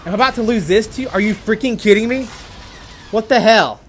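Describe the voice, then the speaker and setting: A man giving casual gameplay commentary, excitable and quick to swear, stammering and restarting when worked up. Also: high-pitched, slight background noise. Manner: excitable, swings from gleeful to furious ranting. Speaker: gaming YouTuber.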